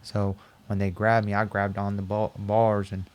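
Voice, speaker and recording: A man as a podcast guest, recounting a personal story and acting out the dialogue in an animated, repetitive way. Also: lowish voice, moderate pace, smooth. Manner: animated, acts out quoted dialogue, repeats himself.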